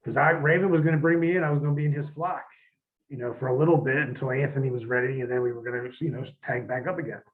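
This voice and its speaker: A man's voice: medium pitch, fairly even intonation, fast. A man, a former pro wrestler, telling blunt, profane stories in a shoot interview and acting out old arguments. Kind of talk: shoot interview, casual storytelling. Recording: tinny phone-line audio.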